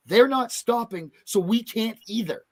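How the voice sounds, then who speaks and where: Impassioned angry male guest, swearing, animated delivery. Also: very high voice, unhurried. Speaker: guest, parent. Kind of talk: heated talk-show rant.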